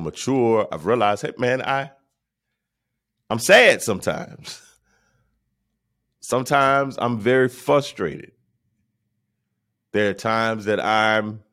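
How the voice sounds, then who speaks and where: A man hosting a show, talking in a casual, preachy monologue and repeating phrases for emphasis. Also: fairly bright tone. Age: adult. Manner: mocks others in high teasing voices. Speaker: podcast host.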